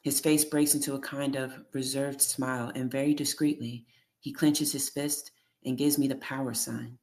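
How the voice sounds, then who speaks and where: A steady audiobook reader reading a first-person memoir. The voice stays flat and even, with very little rise or fall. Each line is measured and deliberate. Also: medium pitch.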